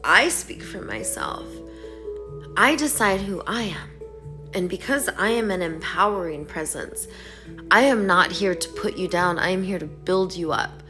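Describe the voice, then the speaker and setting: A woman talking to her viewers in a casual vlog, reading an email aloud slowly and then speaking in earnest affirmations. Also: lowish voice, lively intonation, sharp tone, soft background music. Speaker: online creator reading out an email.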